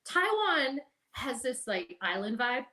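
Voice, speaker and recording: A middle-aged woman, a podcast guest, telling stories in a casual, animated way, laughing and swearing now and then. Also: high-pitched, slow. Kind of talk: casual storytelling.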